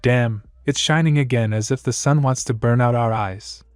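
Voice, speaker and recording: A man's voice: medium pitch, normal speed, smooth, no echo. Male narrator, first-person fanfic, wry complaining tone, dry booth sound, faint music bed. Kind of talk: first-person fan fiction reading.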